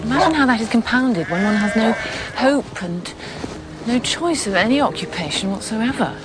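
Restrained period heroine, soft and measured, voiced by an actress over a loud film score. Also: female voice, on the high side, animated, over music, close to an everyday voice, poor audio. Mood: wistful. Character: restrained, sensible young English woman of period drama.

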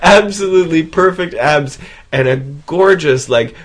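A man's voice: on the high side, measured pace. A young adult man hosting a podcast, chatting casually about a film, laughing often and slipping into impressions. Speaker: podcast host. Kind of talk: casual film-review banter.

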